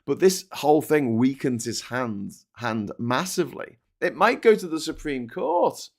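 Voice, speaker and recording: British guy ranting about the news, sweary and sarcastic, stumbles and repeats words, middle pitch that jumps up when he gets going. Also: big pitch swings, unhurried, gravelly. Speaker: host of a political commentary show. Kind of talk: casual ranting commentary.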